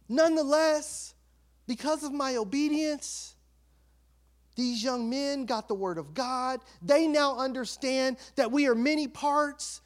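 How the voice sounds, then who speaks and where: Animated man preaching a sermon. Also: very high voice, slow. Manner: animated storytelling, shifting between soft and loud. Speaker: pastor.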